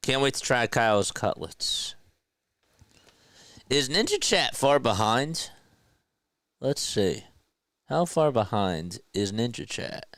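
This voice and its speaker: A man doing casual live baseball play-by-play as a fan streamer, chatting and joking with viewers between pitches. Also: big pitch swings, slow pace, pauses often, a bit bright, no room sound, studio quality. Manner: jokey, laughs at himself.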